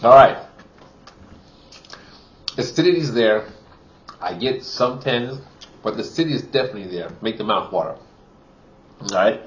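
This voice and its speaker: A man's voice: lowish voice, normal speed, long pauses, highs cut off. Chatty man reviewing wine. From Wisconsin. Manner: chatty, many "you know" fillers, excited exclamations while tasting. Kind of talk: casual wine tasting review.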